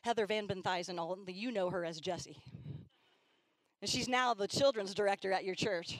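A woman's voice: medium pitch, normal speed, no room sound, low-quality recording. A middle-aged woman telling stories in a sermon at church, often acting out the voices of young girls. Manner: animated storyteller, acts out girls' voices. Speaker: church speaker. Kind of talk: sermon storytelling.

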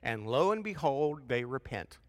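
A man preaching a sermon in a church, lively and emphatic, with folksy asides between loud peaks of emphasis. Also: mid-range voice, measured pace, in a large hall. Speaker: pastor.

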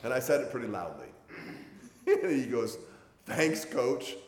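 A man's voice: mid-range voice, very animated, normal speed, darkish tone. Older guy pastor preaching casual, folksy stories, lots of kinda and you know, echoey church room. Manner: folksy, storytelling, plainspoken with many hedging fillers. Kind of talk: conversational sermon. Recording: roomy sound with long hall reverb.

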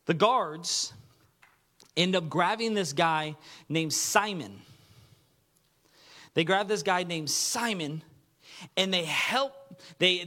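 A man preaching a sermon with earnest delivery, dropping to a hush when he reads quoted words. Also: on the high side. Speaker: pastor.

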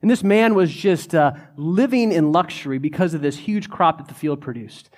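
A young man preaching a sermon in a conversational, animated way, often saying "like". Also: fairly high pitch, normal speed. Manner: conversational, animated, many "like" fillers.

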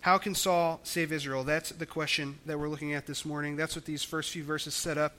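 A man's voice: fairly high pitch, level tone, fairly quick, sharp tone. A man preaching a sermon, explaining scripture in a conversational way with frequent restarts. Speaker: pastor.

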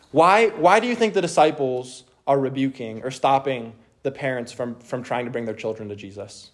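A young man teaching a youth group from the Bible in a casual, energetic way, often checking in with his listeners. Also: medium pitch. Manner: energetic, checks in with "okay?" constantly.

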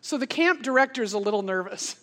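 A woman in her forties telling a funny personal story in a sermon, animated and laughing as she goes. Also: fairly high pitch, a little fast. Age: 40s. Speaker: speaker. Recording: long hall reverb.

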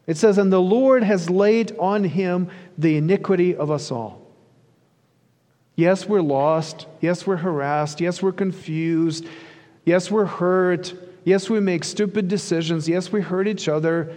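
A man's voice: high-pitched, unhurried, a little mellow, long reverb tail. A man preaching a sermon as a pastor, earnest and rhythmic, building through repeated phrases.

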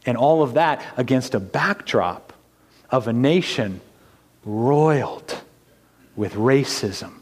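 A man preaching a sermon as pastor to his congregation. He asks rhetorical questions and swings between hushed, whispered lines and loud, emphatic ones. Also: medium pitch, animated, slow, pauses often, breathy edge. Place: church sanctuary. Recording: long hall reverb.

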